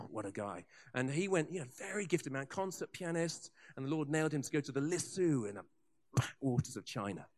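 Man, preacher, sermon, high-pitched, animated storytelling, casual asides. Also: fairly quick.

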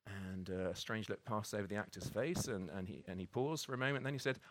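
A man's voice: deep voice, brisk, few pauses, dry recording. Man preaching, dry close sound. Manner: conversational preaching with many restarts and tag questions. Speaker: pastor. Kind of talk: sermon.

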